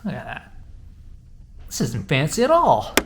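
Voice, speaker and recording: Sarcastic man giving a deadpan walkthrough. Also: medium pitch, measured pace, gravelly, noisy background. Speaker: travel vlogger. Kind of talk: casual walkthrough commentary. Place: indoors in a small condo apartment.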